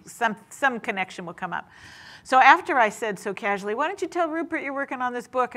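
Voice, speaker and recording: A woman's voice: medium pitch, a bit bright. A middle-aged woman author telling a story in a chatty, casual way, with fillers, asides and laughter. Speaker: guest author. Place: senior center event room.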